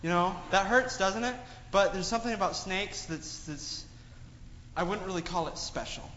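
A high-pitched man at normal speed tells a moral story to kids in a sermon. He quizzes them repeatedly and narrates with energy. The audio is dull and echoey, as in a hall, with a little noise underneath.

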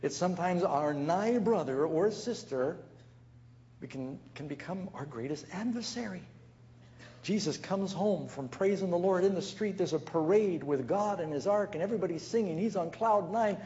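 A man's voice: sits high, moderate pace, lo-fi sound. A man preaching a sermon as a pastor, telling stories and acting out the dialogue. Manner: storytelling with acted dialogue, animated.

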